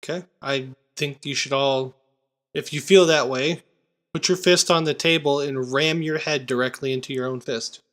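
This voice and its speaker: A man hosting a podcast, chatting casually about movies with quick asides and restarts. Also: medium pitch, steady tone, a bit bright. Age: adult parent. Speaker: podcast host.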